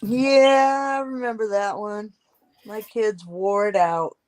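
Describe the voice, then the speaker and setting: Brief: woman in her 40s, mother, slow and giggly. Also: mid-range voice, steady tone, a little mellow, soft background music. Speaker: stream guest. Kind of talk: casual chat.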